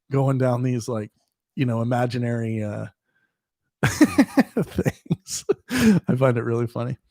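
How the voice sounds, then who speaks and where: A man's voice: medium pitch, no room sound, studio quality. Rambling man hosting a livestream Q&A. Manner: rambling, with frequent restarts and chuckles. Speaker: host answering viewer questions. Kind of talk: casual livestream Q&A.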